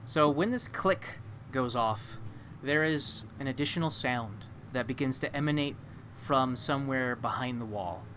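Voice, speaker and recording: A man's voice: mid-range voice, a little slow, pushed and bright, slight background noise. A man narrating a tabletop game as game master, describing scenes with many fillers and restarts.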